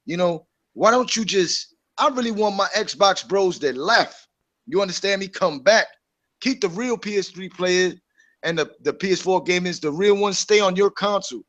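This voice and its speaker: A man in casual gaming chat, preachy and animated. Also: sits high, normal speed, highs cut off. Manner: animated, preachy, mocks others in a put-on voice. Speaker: co-host.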